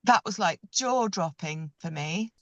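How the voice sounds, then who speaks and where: A woman on a book club video call from a parked car, chatty and expressive. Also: fairly low pitch, measured pace, no echo. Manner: chatty and expressive, animated when telling anecdotes. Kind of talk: casual group video call discussion.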